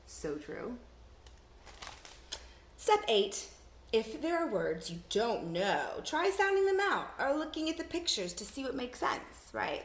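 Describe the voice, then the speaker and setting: A young woman teacher reads a picture book aloud to children and chats about it in a playful, animated way. Her voice is fairly high and swoops widely up and down. The room carries a noticeable echo, with faint noise behind her.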